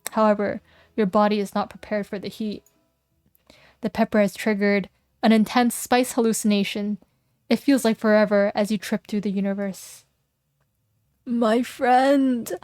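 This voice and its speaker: A woman's voice: mid-range voice, a little mellow, no room sound. A young woman streaming, reading a game aloud, playful and joking with chat on a close mic. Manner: playful and giggly, jokes with chat. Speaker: vtuber streamer.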